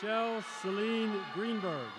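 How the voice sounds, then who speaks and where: A male teacher reading out graduates' names one by one at a graduation ceremony in a large arena, in a measured announcing manner. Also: high-pitched, loud music behind the voice. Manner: measured, announcing each name, with brief self-corrections. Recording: crowd noise in a large arena. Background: crowd cheering.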